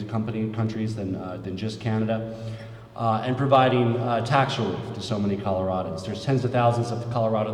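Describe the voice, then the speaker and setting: Low-voiced man at a press podium. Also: a little mellow. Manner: plain-spoken, frequent fillers. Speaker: state governor. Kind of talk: press conference remarks. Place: large echoey press room. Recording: roomy, long reverb from the hall.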